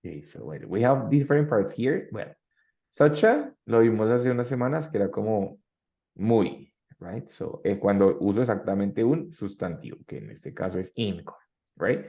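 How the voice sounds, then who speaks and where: Male English teacher, low gravelly voice, dull lo-fi online sound, mixes languages as he explains. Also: big pitch swings, moderate pace. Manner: switches between English and Spanish, explaining with examples.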